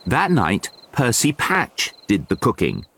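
Man reading a storybook, slow, very lively pitch, slightly high voice, music behind. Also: slightly rough. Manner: slow, expressive reading with wide pitch swings. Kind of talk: storybook narration.

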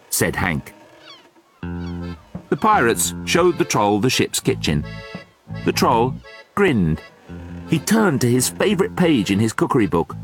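A man reading a children's story aloud in a deliberate, expressive storytelling manner. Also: medium pitch, soft background music.

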